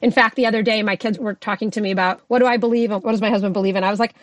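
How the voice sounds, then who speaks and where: A woman's voice: mid-range voice, fairly even intonation, rapid-fire, no echo, lo-fi sound. A woman who grew up in Russia, talking as a podcast guest in a reflective, easygoing way that often breaks into laughter. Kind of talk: conversational podcast interview.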